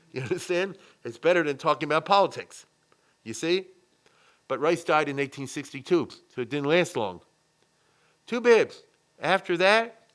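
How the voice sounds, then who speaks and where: A middle-aged man lecturing on history as a rabbi, his voice pitched a little high for a man. He talks in an animated, conversational way, constantly asking his listeners if they follow him. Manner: animated, frequent check-ins with the audience.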